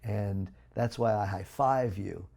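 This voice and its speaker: An American man with a low, gravelly voice speaks slowly as a guest in an interview. His tone is dark and mellow, and his emphatic, preacher-like delivery shifts between loud, punchy bursts and quiet asides.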